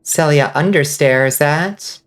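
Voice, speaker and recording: A woman's voice: low-pitched, unhurried, soft background music. Profane, chatty woman streamer. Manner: chatty, profane, reacting to chat. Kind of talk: casual gaming commentary.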